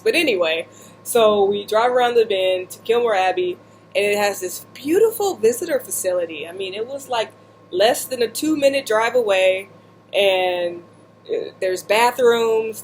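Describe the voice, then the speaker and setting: A woman vlogger telling a humorous personal story while seated indoors, animated and slipping into voices and asides. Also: medium pitch, slight background noise.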